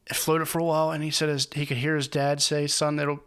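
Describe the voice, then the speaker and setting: A man's voice: fairly high pitch, flat delivery, fast, fairly bright tone, smooth. A man hosting a music reaction channel, talking casually and with feeling as he explains the chords of a song, often restarting his sentences. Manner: earnest and moved, speaks about the song with feeling.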